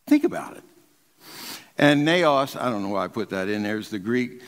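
An older man, a pastor preaching an emphatic sermon from the pulpit, swinging between raised and hushed delivery. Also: fairly low pitch, lively intonation, a little fast, big-room sound. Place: large church sanctuary.

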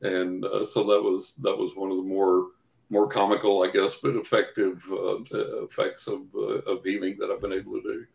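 Older man with a very deep voice. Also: level tone, normal speed, creaky, a little mellow. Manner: rambling anecdotes with many fillers and acted quotes. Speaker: guest, psychic investigator. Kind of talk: storytelling in an interview. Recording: echoey room.

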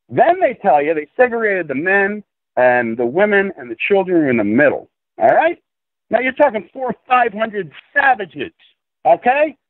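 A man with a high, swooping voice rants in a profane, insistent way, lecturing hard. He comes through a tinny phone line with a dry, close sound. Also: dry recording. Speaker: guest. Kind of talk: conspiracy rant in a call-in interview.

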